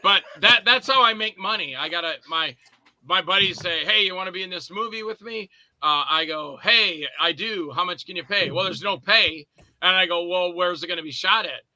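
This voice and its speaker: A man talks casually on a podcast, winding through anecdotes and playing every part himself. His voice sits high and sounds sharp and bright. The sound is dry and close, with no room around it. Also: moderate pace, no echo. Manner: rambling storyteller who acts out both sides of conversations. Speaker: podcast guest, indie filmmaker and actor. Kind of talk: casual chat.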